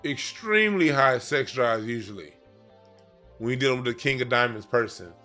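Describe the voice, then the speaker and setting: A man at a mid pitch gives a card reading in loose, casual talk. He leans hard on points, repeats himself and drops slang, while faint music sits underneath. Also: lively intonation, normal speed, pushed and bright. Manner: emphatic, repetitive, slangy, restarts phrases. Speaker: card reader. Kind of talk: casual explainer monologue.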